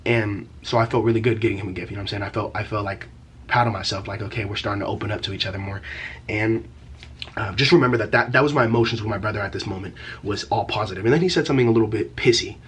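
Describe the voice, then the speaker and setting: A man's voice: lowish voice, rapid-fire, fairly bright tone, a little hiss or hum. A young man telling a story from his teen years in a casual vlog, rambling and profane, packed with slang fillers. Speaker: vlogger.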